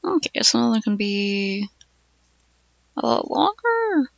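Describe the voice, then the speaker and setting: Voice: mid-range voice, big pitch swings, slow, creaky, no room sound, highs cut off. A streamer chatting casually and reading aloud, musing with lots of fillers and hums.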